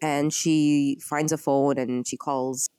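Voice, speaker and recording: A young podcast co-host speaks in a low, clear, resonant voice at a slow pace, recorded dry. Chatting casually, she recounts a TV drama as an animated storyteller, performing the characters' lines.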